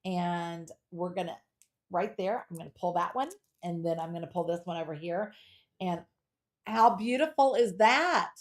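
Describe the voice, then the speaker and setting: A middle-aged woman hosting a live shopping show, selling jewelry in a chatty, playful, animated way and reading out viewer comments. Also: fairly low pitch, moderate pace. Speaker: home shopping host. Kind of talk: live jewelry sales pitch.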